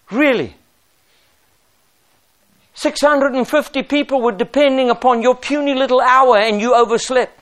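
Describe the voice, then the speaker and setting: A man's voice: extremely high pitch, moderate pace, pauses often, fairly bright tone. A middle-aged man preaching a sermon as pastor, emphatic and driving his points home with rhetorical questions.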